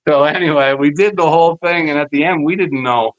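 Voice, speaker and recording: A man's voice: on the high side, fairly quick. A man, a former wrestler, telling backstage stories in a casual interview, acting out quoted voices with plenty of swearing. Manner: animated storyteller, acts out quoted voices with profanity. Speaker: podcast guest, former wrestler. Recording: dull, lo-fi podcast audio.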